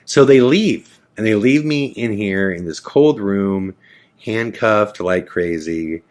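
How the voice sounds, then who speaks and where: A man's voice: fairly low pitch, slow pace, darkish tone. A man hosting a podcast, telling a frightening true story about himself in a vivid, dramatic first-person way. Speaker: podcast host.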